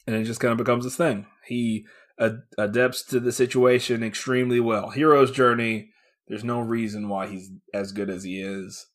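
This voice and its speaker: A man's voice: mid-range voice, little pitch movement, moderate pace. A man co-hosting a podcast, chatting casually about a comic book, swearing, laughing often and acting out the characters' lines. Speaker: podcast co-host.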